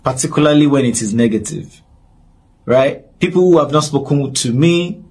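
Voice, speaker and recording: A man's voice: mid-range voice, normal speed, darkish tone, slightly rough. A man from Nigeria speaking straight to camera in an earnest, pleading apology, repeating himself often. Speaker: public figure addressing his audience. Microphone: camera-facing recording.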